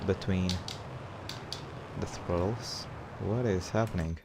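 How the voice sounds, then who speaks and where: A man streaming flight simulator gameplay, excitably commenting on his flying and talking to chat. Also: low voice, takes it slowly, noisy background.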